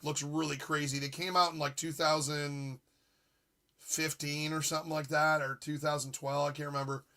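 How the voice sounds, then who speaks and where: A man in his forties hosts a live retro gaming stream in an easy, rambling chat. His voice sits a bit high and sounds bright and edged. He jokes around and reacts to his viewers with excitement. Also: moderate pace. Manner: excitable, jokey, reads chat aloud. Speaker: streamer host.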